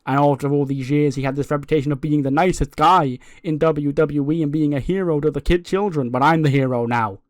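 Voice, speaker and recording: A man's voice: fairly high pitch, steady tone, a little fast, hardly any pauses, no echo, studio quality, close to an everyday voice. A man voicing a brash, gloating male wrestling champion who cuts a boastful promo and talks down to his rivals. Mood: taunting. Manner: boastful, taunting, talks down to others.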